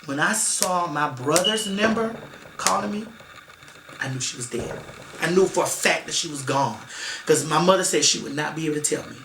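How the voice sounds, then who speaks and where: A woman with a low-sitting voice speaks at a moderate pace as an interview guest, recounting a painful family story. She is emotional and emphatic, repeats herself often, and acts out what her relatives said. The recording has background noise and an echoey room sound.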